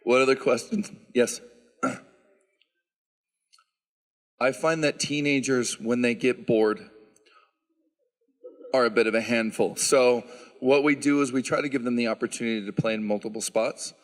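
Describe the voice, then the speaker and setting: A man who directs a handbell choir, answering audience questions at a concert and explaining the instruments in a relaxed, chatty way with frequent "um"s. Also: medium pitch, moderate pace. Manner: explanatory, relaxed, lots of "um" fillers. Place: church sanctuary. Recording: reverberant church hall.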